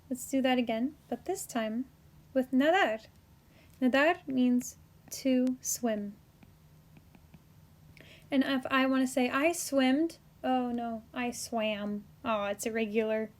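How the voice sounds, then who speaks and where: Woman teacher, high voice, slow and careful, goofy little asides, recorded lesson. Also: a little mellow. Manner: playful, self-correcting, jokey asides; slow, careful spelling out of endings. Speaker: Spanish teacher.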